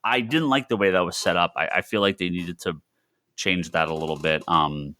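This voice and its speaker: A man co-hosting a casual podcast chat, telling an animated story with many restarts. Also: sits low, normal speed. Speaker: podcast co-host.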